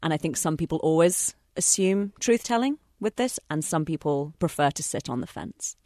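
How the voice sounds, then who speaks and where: A woman co-hosting a casual podcast chat, teasing and quick-witted. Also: low-pitched, dry recording, studio quality. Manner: lively, teasing. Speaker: podcast co-host.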